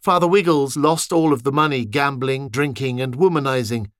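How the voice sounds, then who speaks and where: A man reading a fantasy story aloud in an expressive, wry manner. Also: medium pitch, moderate pace, clear, resonant tone, no echo, clean studio sound.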